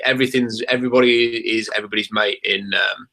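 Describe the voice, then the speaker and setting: A man's voice: lowish voice, fairly even intonation, normal speed, sharp tone. A man co-hosting a casual sports podcast, chatty and hesitant, with lots of ums. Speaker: podcast co-host.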